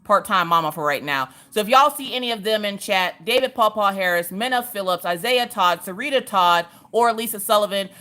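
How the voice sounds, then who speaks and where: A woman's voice: medium pitch, expressive, brisk, few pauses, bright, forceful tone. A woman, chatting casually with her livestream audience from her couch at home while she crafts, laughing often and greeting viewers by name. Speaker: livestream host.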